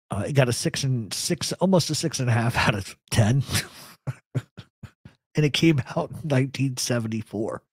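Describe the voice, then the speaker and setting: A man's voice: medium pitch, big pitch swings, normal speed, slightly rough, no echo, clean studio sound. A man hosting a live talk show, giving blunt, rambling opinions to viewers in the chat. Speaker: host. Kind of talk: live radio chat answering a chat.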